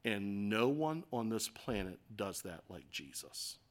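A man preaching a sermon as pastor, moving from quiet, earnest passages to loud, passionate declarations and acting out quoted voices. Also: fairly low pitch, very animated, unhurried. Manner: acts out quoted voices with rhetorical questions.

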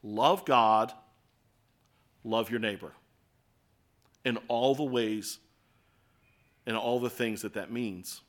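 A man's voice: medium pitch, takes it slowly, long pauses. A man with an American accent preaching a sermon in an earnest, conversational way, full of rhetorical questions. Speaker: pastor.

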